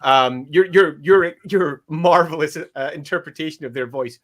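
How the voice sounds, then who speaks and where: A man's voice: a little high, moderate pace, a bit bright. A man on a tabletop gaming panel telling wry, self-mocking anecdotes with laughter. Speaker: podcast co-host, game writer. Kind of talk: casual panel discussion.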